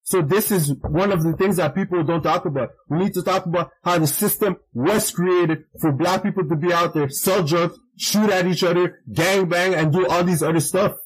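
A man's voice: sits high, normal speed, hardly any pauses, husky, poor audio. A man speaking as a guest in a podcast discussion, talking in an emphatic, passionate way. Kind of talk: casual discussion.

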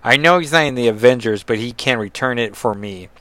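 A man's voice: medium pitch, fairly quick, a bit bright, no room sound, close to an everyday voice. A man reading aloud the letter of an earnest young superheroine, in a slightly raised voice. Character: young heroine writing a heartfelt letter home.

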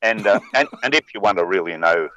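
A man's voice: lowish voice, lively intonation, fairly quick, bright, forceful tone, dry recording, highs cut off. A man with an Australian accent telling a joke casually, rambling with fillers and chuckling as he goes. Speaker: podcast joke teller.

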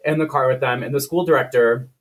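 Man, husky voice, casual profane film recap, quick character voices. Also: mid-range voice. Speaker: podcast co-host.

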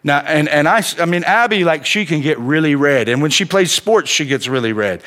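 A middle-aged man, a pastor, giving a sermon as animated storytelling, often dropping "man" into his sentences. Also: a little high, a little fast.

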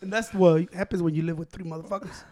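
A man with a very high voice co-hosts a loose podcast. He rants rowdily, swearing constantly, bursting into laughter and dropping Spanish words. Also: fairly even intonation, fast, a little mellow. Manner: profane, rowdy ranting with bursts of laughter, drops Spanish words. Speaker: podcast co-host. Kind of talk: casual chat.

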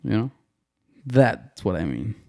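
A man hosting a casual podcast chat, animated and profane, laughing often and mimicking his friends in a high voice. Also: takes it slowly, gravelly. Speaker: podcast host.

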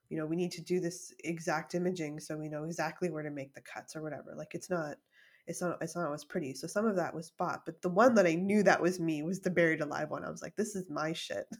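Candid swearing woman telling a story. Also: fairly low pitch. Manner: candid, swears freely, laughs often, many "like" fillers. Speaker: vlogger. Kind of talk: casual storytelling to camera.

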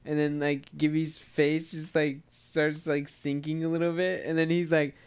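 Young male podcast co-host, higher pitch, smooth tone, loose rambling storyteller. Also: flat delivery, moderate pace. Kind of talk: casual chat.

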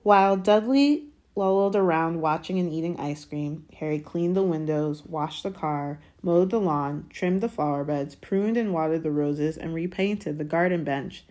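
Low-voiced woman reading a story aloud. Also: moderate pace, few pauses, mellow. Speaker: audiobook reader. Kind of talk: reading a novel chapter aloud.

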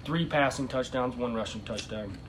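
A man's voice: mid-range voice, normal speed, slight background noise. Laid-back man talking sports. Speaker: podcast co-host. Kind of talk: casual sports chat.

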